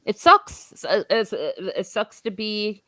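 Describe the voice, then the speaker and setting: A woman's voice: mid-range voice, big pitch swings, a little slow, pushed and bright, no echo, studio quality. A woman hosting a casual book discussion livestream, chatty and laughing at herself. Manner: chatty, laughing, self-mocking. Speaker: host.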